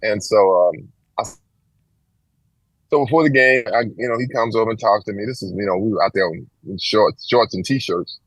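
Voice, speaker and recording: A man's voice: normal speed, dry recording, poor audio. A man in his sixties from Texas, telling a long personal story as an interview guest and acting out the voices of the people in it. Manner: animated storyteller, acts out quoted voices with big pitch jumps.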